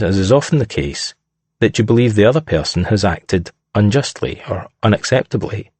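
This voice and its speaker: A man reading scripted narration in a measured, deliberate way. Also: on the low side, darkish tone, husky, dry recording.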